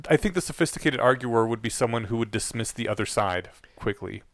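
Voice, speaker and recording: A man co-hosting a podcast in casual discussion, explaining his points plainly and in a measured way. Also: medium pitch, expressive, fairly bright tone, no echo. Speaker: podcast co-host.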